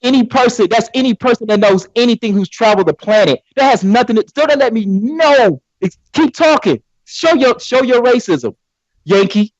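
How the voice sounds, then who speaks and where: A man's voice: extremely high pitch, lively intonation, normal speed, no room sound, muffled recording. A man arguing in a heated debate, combative and taunting, often repeating himself.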